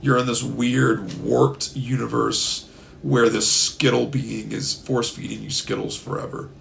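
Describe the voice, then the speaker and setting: A man co-hosting a podcast, telling a rambling comic story in a casual, animated way and slipping into silly voices. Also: mid-range voice, a little slow, gravelly, soft background music. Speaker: podcast co-host. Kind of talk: casual comedic chat.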